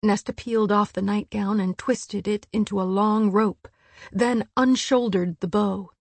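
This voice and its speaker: A woman narrating an audiobook in a hushed, measured storytelling voice. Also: mid-range voice, steady tone, vocal fry, no echo. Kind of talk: scripted narration.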